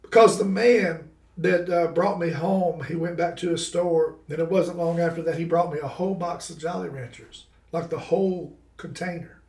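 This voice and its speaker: Animated storytelling man, high voice. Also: normal speed, few pauses, recorded from a distance. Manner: animated, laughing while telling the story. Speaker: guest. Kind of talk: storytelling in casual chat. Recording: roomy sound, away from the mic.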